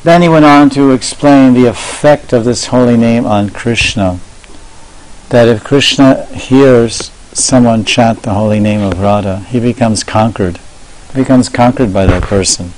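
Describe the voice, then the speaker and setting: A monk giving a devotional sermon, telling stories in a measured way and slowing down to stress key words. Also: male voice, medium pitch, darkish tone, slight background noise, poor audio. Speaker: monk lecturer.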